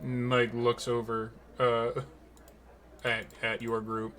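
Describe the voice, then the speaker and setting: A man's voice: mid-range voice, completely flat delivery, slow, a bit bright. A man narrating a tabletop game as game master, rambling with many fillers and restarts.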